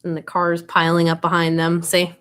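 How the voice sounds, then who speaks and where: A woman's voice: lowish voice, completely flat delivery, moderate pace, a bit bright. A woman teaching a live online class, chatty and informal, often stopping to ask "right?" and using a lot of fillers.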